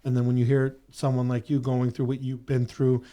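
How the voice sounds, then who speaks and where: A man's voice: mid-range voice, completely flat delivery, brisk, warm tone. A man hosting a podcast, talking in an earnest, rambling way with many fillers. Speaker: podcast host. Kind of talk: reflective casual conversation.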